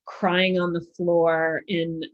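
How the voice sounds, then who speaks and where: A woman's voice: fairly low pitch, flat delivery, takes it slowly, muffled recording. A woman guest who works as a coach, talking candidly and openly about her own parenting. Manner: candid and open, laughing easily. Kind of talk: casual interview chat.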